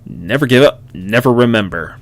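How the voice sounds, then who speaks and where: A man's voice: mid-range voice, expressive, moderate pace, dry recording. A man chatting wryly while reading through a dating game, with frequent asides. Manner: chatty, wry asides, laughs often. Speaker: gaming YouTuber. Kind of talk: let's-play commentary and reading.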